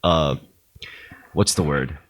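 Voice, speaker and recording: A man's voice: very deep voice, takes it slowly, a bit bright. A man co-hosting a podcast, musing in casual chat, hunting for words and swearing freely. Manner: loose, searching for words, many fillers and swears. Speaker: podcast co-host.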